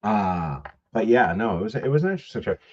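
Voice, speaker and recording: A man with a fairly low, husky voice tells loose, profanity-laced stories as a podcast co-host. The audio is dull and lo-fi. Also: animated, fast talker, a little mellow. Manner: rambling, profane storytelling with laughs. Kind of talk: casual podcast chat.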